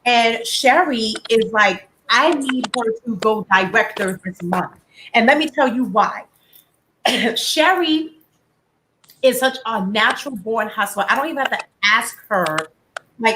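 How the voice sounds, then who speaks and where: A woman hosting a casual live beauty stream from home, chatty and animated, full of "like" fillers. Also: on the high side, a little slow, slight background noise, low-quality recording. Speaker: host of a live beauty chat.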